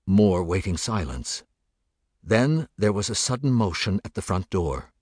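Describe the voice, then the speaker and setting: A man narrating a thriller audiobook in a measured, steady voice. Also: deep voice, slightly rough, no room sound, studio quality.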